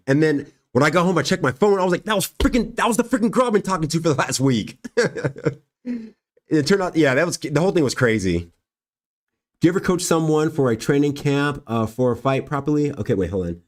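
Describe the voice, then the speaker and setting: Man, young adult, livestream host, casual storytelling, animated, acts out dialogue. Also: on the high side. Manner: animated, acts out quoted dialogue, laughs often.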